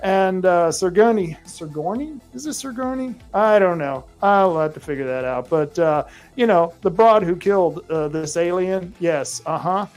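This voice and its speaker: Country-accented guy hosting a show, kinda high voice, rambly with lots of uhs. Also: normal speed, darkish tone, faint music behind. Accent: American, rural. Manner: rambling, many fillers and restarts. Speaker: podcast host. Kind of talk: casual monologue to listeners.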